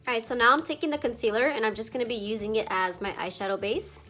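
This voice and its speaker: A woman's voice: fairly high pitch, fast talker, bright, forceful tone, faint music behind. A young woman doing a chatty makeup tutorial, a little congested from allergies, with lots of filler words and some casual swearing. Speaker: beauty vlogger.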